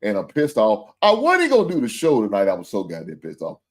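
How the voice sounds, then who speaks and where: A man's voice: lowish voice, wildly swooping pitch, a little fast. A man hosting a livestream sports show, venting with profane, heated talk about his team's loss and calling out viewers directly. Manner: addresses viewers and super chat senders directly.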